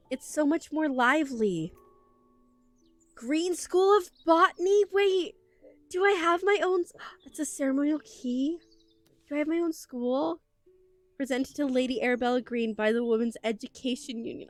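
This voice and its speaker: A woman's voice: high voice, lively intonation, normal speed, faint music behind. A young woman streaming a game, chatting casually to viewers in a gushing, emotional way with lots of fillers, close on a desk microphone. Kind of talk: casual livestream chat while playing.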